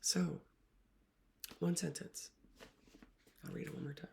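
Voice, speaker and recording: A woman literacy coach talks straight to her viewers in an earnest, emotional way. Her voice carries a strong gravelly fry, and she often lets her words fall away into a breathy near-whisper. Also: on the low side, steady tone, slow pace, a little hiss or hum. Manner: soft-spoken, often dropping to a whisper. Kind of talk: reflective talk to camera.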